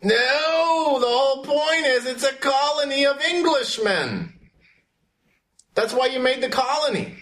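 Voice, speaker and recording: A man's voice: very high voice, animated, a little slow, a bit bright. A man teaching a class, asking questions and calling on students by name. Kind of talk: classroom history lesson.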